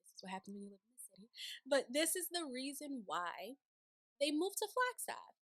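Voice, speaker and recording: A woman hosting a casual recap of a TV show, chatty and animated, slipping into playful voices when she paraphrases. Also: high-pitched, fairly quick, dry recording. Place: city home, sirens outside.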